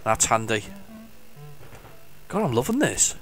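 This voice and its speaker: A man chats his way through a retro game session, mid-pitched and eager, often tripping over his own sentences and starting again. Faint chiptune music plays in the background. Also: big pitch swings, slow pace, a bit bright. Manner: chatty and enthusiastic, rambling with many restarts; hums the game tunes along. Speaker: retro gaming video host. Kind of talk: casual gameplay commentary.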